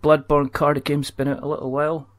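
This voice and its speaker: A man's voice: a little high, flat delivery, brisk. A man hosting a casual board game podcast, chatty and rambling in a self-deprecating way. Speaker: podcast host.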